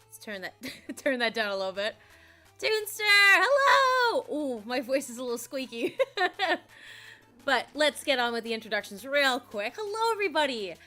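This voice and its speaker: A young woman streaming live, her voice high and bright even through a slight hoarseness that makes it crack now and then. She chats bubbly and giggly with her viewers, with faint music playing under her. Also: brisk. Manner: bubbly, giggly, greets chat excitedly. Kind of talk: casual live-stream chat.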